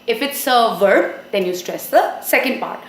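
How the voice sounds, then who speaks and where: A woman giving a short English pronunciation lesson, explaining clearly and slowing down on example words. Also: on the high side, expressive. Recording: echoey room.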